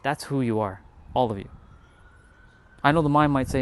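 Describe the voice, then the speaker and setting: A man's voice: mid-range voice, normal speed, pauses often, a little hiss or hum. A man speaking to his live-stream viewers in a casual motivational monologue, earnest and blunt, swearing freely and repeating words for emphasis.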